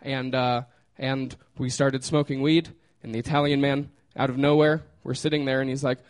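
A man's voice: fairly high pitch, moderate pace. A man casually telling a personal story, laughing often and trailing off with fillers.

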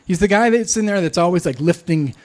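A man telling a true personal story, candid and self-deprecating, often pausing and restarting. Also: high voice, lively intonation.

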